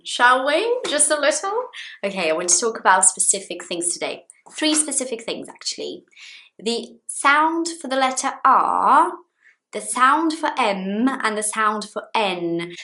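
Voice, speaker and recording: A Brazilian woman with a Brazilian Portuguese accent, teaching English pronunciation from home in a slow, emphatic way and demonstrating sounds. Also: fairly high pitch, bright, forceful tone. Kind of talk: pronunciation lesson to camera. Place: her home.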